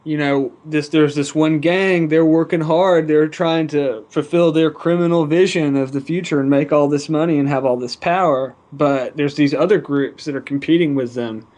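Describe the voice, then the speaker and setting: A man's voice: fairly high pitch, fairly even intonation, normal speed, hardly any pauses, a little mellow. A man on a casual podcast panel, rambling and thinking aloud with lots of fillers.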